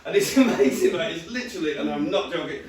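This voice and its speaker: A young man performing a stand-up comedy set, telling stories in a lively way and often laughing along. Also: a little high, fast talker. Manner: lively storytelling with frequent laughter. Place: comedy venue with live audience. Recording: roomy stage audio from far off, crowd behind.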